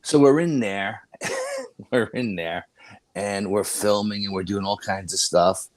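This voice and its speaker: A man's voice: lowish voice, huge pitch swings, takes it slowly, dry recording. An older man, a paranormal investigator and guest, tells a rambling story in a casual way, with many restarts and "you know"s.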